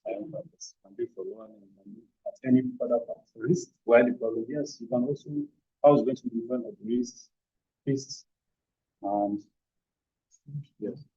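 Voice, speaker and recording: This physiotherapy instructor has a mid-range, husky, dark voice, keeping a steady tone at normal speed and pausing often. Demonstrating techniques on a partner, he gives short verbal cues between explanations, and the sound quality is dull and lo-fi.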